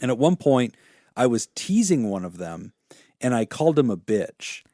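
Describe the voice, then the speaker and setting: A man who works as a therapist, co-hosting a podcast and telling a story in a casual, animated way, swearing freely. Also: mid-range voice, normal speed, no echo, clean studio sound.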